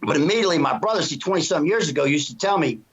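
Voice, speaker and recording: A man's voice: a little high, lively intonation, rapid-fire, slightly rough. A middle-aged man giving an earnest, emotional personal testimony in a casual interview, often restarting and asking "you know what I mean". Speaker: interview guest. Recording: dull lo-fi sound.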